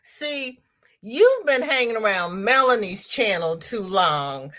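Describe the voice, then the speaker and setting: A woman chats through a relaxed crafting livestream. She talks slowly and rambles, reading comments aloud and laughing easily along the way. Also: mid-range voice. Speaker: crochet channel host reading live chat. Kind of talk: casual livestream chat.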